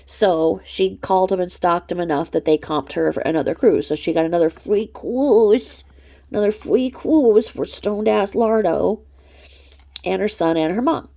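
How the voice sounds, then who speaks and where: A woman's voice: medium pitch, normal speed, gravelly, dark tone. A woman hosting snarky gossip commentary, profane, mocking and blunt. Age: adult mother. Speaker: commentary channel host.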